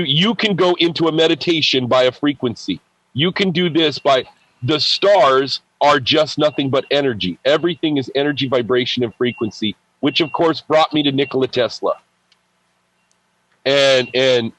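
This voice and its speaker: Excitable man telling his story. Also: a little high, no echo, poor audio. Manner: repeats words and restarts often. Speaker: podcast guest. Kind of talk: personal spiritual storytelling.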